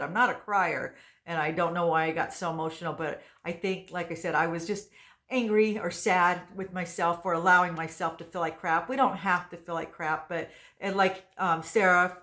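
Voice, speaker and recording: A woman in her sixties chats straight to her viewers, rambling and circling back with restarts and fillers. Her voice sits a little low for a woman. She sounds relaxed and conversational. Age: 60s. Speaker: vlogger. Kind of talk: casual chat to camera.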